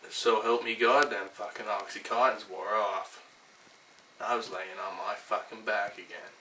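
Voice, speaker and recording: A man's voice: on the low side, steady tone, measured pace, close to an everyday voice. A man reciting a monologue as a foul-mouthed, boastful male chicken catcher, ranting profanely, recorded roomy and from a distance with faint ambient noise.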